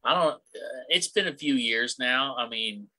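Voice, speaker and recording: A man's voice: medium pitch, measured pace, sharp tone, no room sound, rough recording. A man from the United States co-hosting a podcast in casual chat, joking around and laughing easily. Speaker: podcast co-host.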